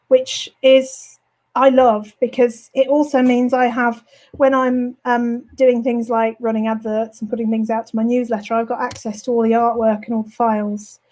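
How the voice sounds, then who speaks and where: A woman author with a mild Birmingham accent and flat vowels, going a bit hoarse, chatting in an interview with lots of ums and self-corrections. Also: fairly high pitch, normal speed, poor audio. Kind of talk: casual interview chat. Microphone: home studio setup.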